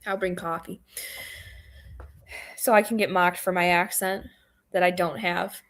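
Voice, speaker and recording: A woman's voice: fairly low pitch, fairly even intonation, measured pace, a bit bright. A young woman with a central Michigan accent, chatting casually and playfully as a guest, laughing often. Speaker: knife shop guest. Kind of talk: casual chat.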